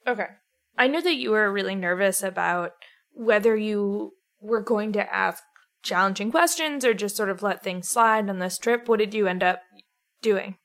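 A woman's voice: mid-range voice, moderate pace, fairly bright tone. Woman host, direct questioning. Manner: direct, asks probing follow-up questions. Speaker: podcast host. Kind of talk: interviewing.

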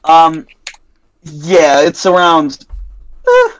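A man's voice: a little high, huge pitch swings, rough recording. Hesitant young man running a tabletop game. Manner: halting, many ums and self-corrections. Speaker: game master.

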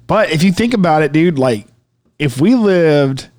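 Casual young male co-host, high and lively voice, rambling and swearing. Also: a little slow. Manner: rambling, profane, laughing often. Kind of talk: casual chat.

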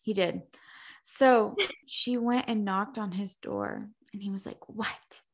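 A young woman hosting a casual book podcast, recapping chapters in an animated, profane way, laughing often and acting out the characters. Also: medium pitch, slow, creaky. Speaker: podcast host.

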